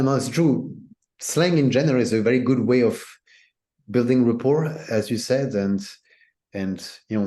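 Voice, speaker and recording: A man, a guest teacher in a casual chat, relaxed and hedging with many "you know"s. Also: mid-range voice.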